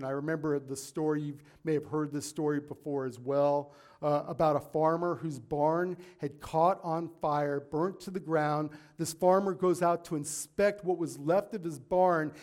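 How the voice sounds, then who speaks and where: A man's voice: on the high side, a little mellow. A man preaching a sermon, reading scripture and retelling it in everyday words, earnest and at times emphatic. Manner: earnest, rising to emphatic peaks, with asides and paraphrases. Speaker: pastor.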